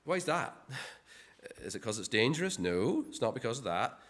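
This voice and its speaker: A man's voice: medium pitch, very animated, normal speed, fairly bright tone. A man preaching a sermon in a conversational way, often repeating words and asking rhetorical questions.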